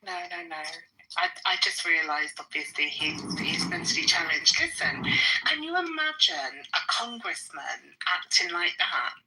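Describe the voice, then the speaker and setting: A woman's voice: lowish voice, big pitch swings, moderate pace, vocal fry, pushed and bright, slight background noise, poor audio. A woman with an English accent, teasing and provoking others in a voice chat argument.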